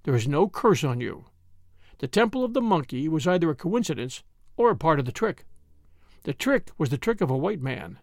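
A man reading the part of a mild, gently odd priest who turns quietly grave. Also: fairly high pitch, big pitch swings, moderate pace, no room sound, clean studio sound. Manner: vague, then quietly grave.

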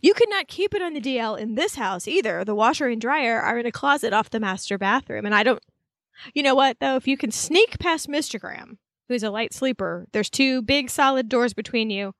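A woman co-hosting a podcast, telling the story in a chatty, animated way full of asides. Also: fairly high pitch, brisk, no room sound. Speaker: podcast co-host. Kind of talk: casual recap chat.

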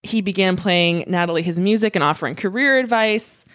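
A woman's voice: on the low side, a little fast, a bit bright, no echo, clean studio sound. A woman hosting a podcast, telling a story in a chatty way, full of fillers and swearing freely. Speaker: podcast host. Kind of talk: casual storytelling.

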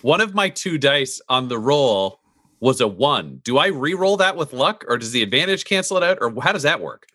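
A man's voice: mid-range voice, very animated, moderate pace, bright, forceful tone. Amused man playing at the table. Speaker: player. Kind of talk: casual chat.

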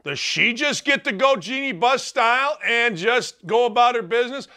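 Male sports radio host, very high lively voice, bright tone, fired-up rant, middle-aged. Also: normal speed. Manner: fired-up, ranting with rhetorical questions. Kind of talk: opinionated talk radio monologue.

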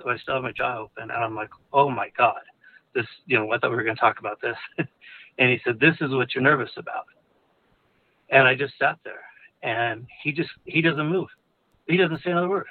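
Man, caller, frank personal story, rambling and candid, raspy fry in the voice, phone-line sound. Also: medium pitch, steady tone, brisk. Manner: candid, rambling, chuckles between phrases. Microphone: phone call.

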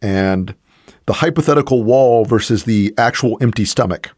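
A man from the American South co-hosting a political discussion, measured and earnest, with many "you know" fillers. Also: mid-range voice, a little mellow, dry recording, clean studio sound. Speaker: podcast co-host.

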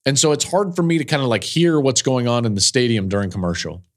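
A man's voice: medium pitch, fast talker. A middle-aged man hosting a football podcast, telling an emotional story in an earnest way that builds in intensity. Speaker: college football analyst and podcast host.

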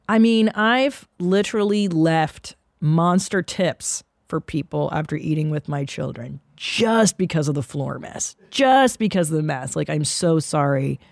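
Gravelly-voiced woman telling profane stories. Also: on the low side, no echo. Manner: profane, animated, rambling anecdotes. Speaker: podcast host and comedian. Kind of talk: casual comedic storytelling.

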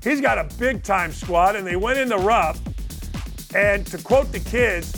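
A man with a high, bright-sounding speaking voice hosts a sports talk show from Indiana. He talks with emphatic, energetic storytelling. Faint music plays beneath him. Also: moderate pace.

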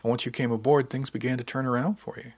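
A man's voice: mid-range voice, steady tone, quick pace, darkish tone, dry recording, pitched above the performer's own voice, lightly acted. A man voicing a blunt, skeptical young male spacer in an audiobook.

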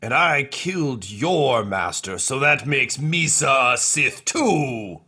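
A man shouting as a manic Gungan boss. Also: animated, takes it slowly, slightly rough, heavily acted. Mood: excited. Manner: shouting, high-pitched, giddy. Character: wild spice-crazed male Gungan gang boss.

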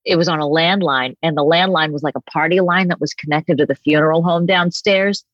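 Podcast guest, middle-aged woman, comedic storyteller, lowish pitch, dull close recording. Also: brisk, no room sound. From Boston area. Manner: animated storytelling, acts out voices. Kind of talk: casual chat.

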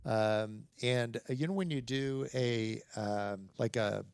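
Gravelly middle-aged man telling stories. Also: medium pitch, slow pace. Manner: animated storyteller, acts out quoted dialogue, chuckles between lines. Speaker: podcast guest. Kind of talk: storytelling in casual conversation.

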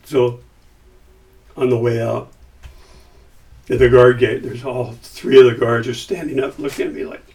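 Older man, guest, casual storytelling, acts out quoted lines, mid-pitched voice, somewhat off-mic. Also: unhurried, vocal fry, pauses often, recorded from a distance. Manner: animated storyteller acting out quoted dialogue.

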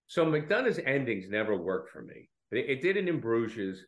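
A man co-hosts a casual film discussion, rambling through his points with plenty of restarts. His pitch swings lively up and down, and the recording rings with a roomy echo. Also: unhurried. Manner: rambling, with false starts and self-corrections. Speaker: film podcast co-host.

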